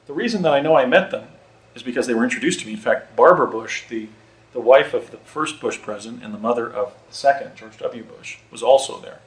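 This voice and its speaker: A middle-aged man tells his own story in a casual, halting way. He stumbles and repeats words as he remembers, and his voice sits at an ordinary pitch. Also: poor audio. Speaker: eyewitness telling his story.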